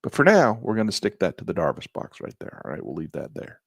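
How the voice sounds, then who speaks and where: A man teaching trading as he walks through a chart, in a folksy, animated way with slangy asides. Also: sits low, fast talker, creaky, husky, no room sound, clean studio sound. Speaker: trading instructor. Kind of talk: chart-walkthrough lesson.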